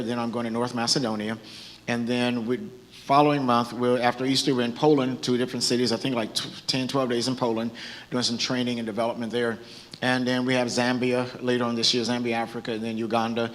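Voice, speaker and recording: A man's voice: mid-range voice, fairly bright tone. A bishop from Southern California preaching from a church stage, earnest and conversational, often restarting his sentences. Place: church hall. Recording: hall with long reverb.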